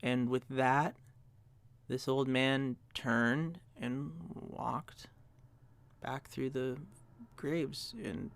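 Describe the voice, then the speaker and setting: A man's voice: medium pitch, vocal fry, no echo. A young man hosting a podcast, telling a personal story in a reflective way and often restarting his sentences as he searches for words. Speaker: podcast host.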